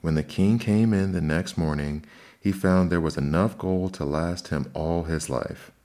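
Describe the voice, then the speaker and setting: Deep-voiced man reading fairy tales. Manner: measured, expressive fairy-tale telling. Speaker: storyteller. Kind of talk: scripted storybook narration.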